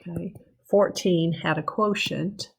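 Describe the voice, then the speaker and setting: A woman with a slightly low voice teaches calculus in a recorded lecture. She talks conversationally, often checking in with "okay?", and restarts or corrects herself as she works through the problems. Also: steady tone, a little slow, creaky, slightly rough. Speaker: math teacher.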